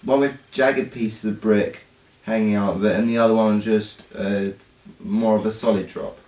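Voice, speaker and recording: Picked up by a distant mic in a roomy space, a young podcast co-host chats casually in a lowish, steady, slightly mellow voice at normal speed. His storytelling is hesitant and packed with fillers.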